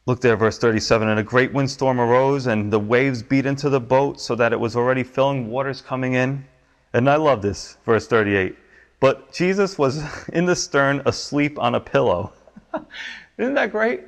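A pastor preaching a sermon, his voice climbing high and loud for the pleas and dropping low and soft on the promises. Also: normal speed.

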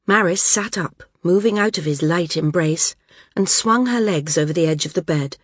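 A woman narrating a novel aloud in measured, even storytelling. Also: lowish voice, husky, dry recording, studio quality. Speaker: audiobook narrator. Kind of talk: scripted narration.

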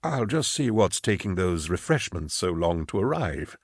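A man voicing a suspicious, fussy male prefect in an audiobook, with hushed, wary asides. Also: deep voice, very animated, moderate pace, breathy edge, dry recording, clean studio sound, heavily acted. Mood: polite.

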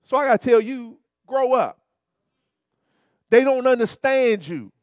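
A man pastor preaching a sermon in an animated, colloquial way, turning often to his listeners with repeated asides. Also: very high-pitched, unhurried, no echo.

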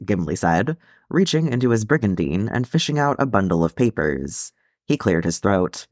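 A man with a low voice reads a story chapter aloud, telling it expressively. His pitch rises and falls widely, and the recording is dry and close, with no room sound. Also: sing-song, normal speed, no echo. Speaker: audiobook reader. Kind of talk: reading fan fiction aloud.

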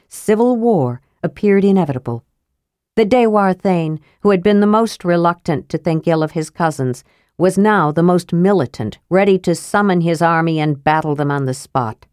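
A woman narrating a fantasy audiobook in a steady, even reading voice. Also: on the low side, normal speed, no room sound, studio quality.

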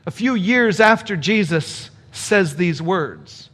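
A man's voice sits high for a man and swings widely in pitch as he preaches. He is a middle-aged pastor who talks to his congregation casually. He explains each point step by step and breaks off for rhetorical asides. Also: expressive, slow pace, a bit bright, husky. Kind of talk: sermon.

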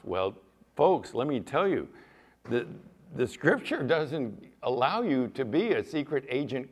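Animated man preaching a sermon. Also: mid-range voice, measured pace. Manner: animated, swings from loud emphasis to soft asides. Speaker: pastor. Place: church.

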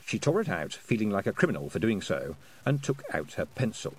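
A man's voice: lowish voice, big pitch swings, brisk, few pauses, slightly rough. A man reading a story aloud in a dry, wry narrating manner. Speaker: audiobook narrator. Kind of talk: scripted narration.

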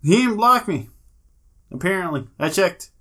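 A man's voice: high-pitched, animated, normal speed, bright, forceful tone. A man co-hosting a fight podcast, swearing bluntly and laughing often in casual chat. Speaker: podcast co-host.

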